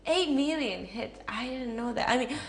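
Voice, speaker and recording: A young woman with a Japanese accent chats through interview answers in a slightly high voice, giggling and leaning on filler words. The room around her is echoey, with a faint hiss of background noise. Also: lively intonation, normal speed. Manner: chatty, giggly, many fillers like "like". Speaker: interviewee, actress.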